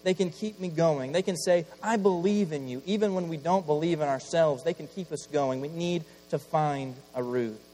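A man's voice: a little high, normal speed, hardly any pauses. Impassioned preacher man with a cold. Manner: swings from loud impassioned pleading to hushed near-whisper. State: battling a cold. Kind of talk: sermon. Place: church. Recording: long hall reverb, faint mains hum.

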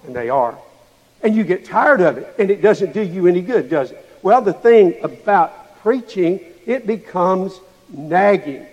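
A man's voice: high voice, animated, unhurried. A man preaching a sermon to a congregation, asking them rhetorical questions as he goes. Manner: asks the listeners rhetorical questions. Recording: long hall reverb.

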